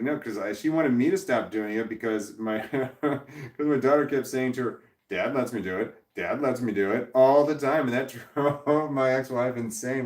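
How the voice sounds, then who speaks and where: A man's voice: on the low side, recorded from a distance. A man casually telling a long personal story to camera, rambling and profane, with frequent restarts and chuckles. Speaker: vlogger. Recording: roomy echo, voice off-mic.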